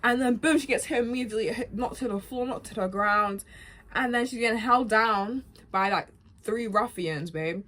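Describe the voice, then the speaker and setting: Her voice a little high and her speed normal, a woman casually retells a video game plot for her viewers, whom she calls guys and bro. She's animated, emotional, and laughs often.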